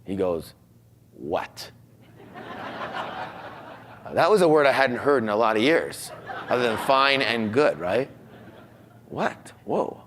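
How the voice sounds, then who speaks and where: A man in his forties telling an emotional personal story, acting out the dialogue and dropping into hushed asides. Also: medium pitch, very animated, moderate pace, slight background noise. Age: 40s.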